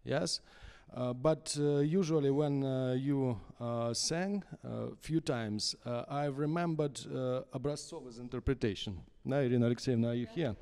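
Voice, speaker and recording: A man who is a conductor, with a Russian accent and Russian as his first language, coaching an opera singer in a masterclass in halting English full of fillers. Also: mid-range voice, vocal fry, darkish tone, clear, resonant tone. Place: small concert hall. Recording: reverberant concert hall.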